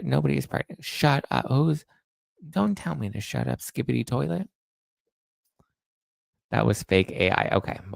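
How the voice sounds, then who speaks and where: A man hosting a pop culture show in casual chat, breaking into high-pitched disbelief. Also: creaky, a bit bright, no room sound. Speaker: pop culture podcast host.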